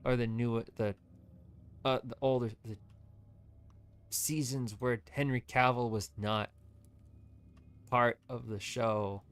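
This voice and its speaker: A man's voice: mid-range voice, steady tone, takes it slowly, long pauses, clear, resonant tone. Opinionated ranting man streamer. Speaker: VTuber streamer. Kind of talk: livestream gameplay commentary.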